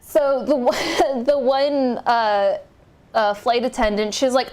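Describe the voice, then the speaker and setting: A young woman vlogger telling a travel story in a loose, animated way, swearing freely and laughing as she goes. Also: on the high side, unhurried. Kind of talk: casual storytime chat.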